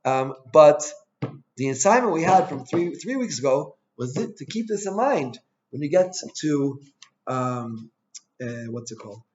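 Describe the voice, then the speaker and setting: A man, a rabbi, teaching an informal Torah class in a chatty, storytelling way, dropping quick asides as he goes. His voice sits a little high. The recording sounds dull and lo-fi. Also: very animated, a little mellow, a little hiss or hum.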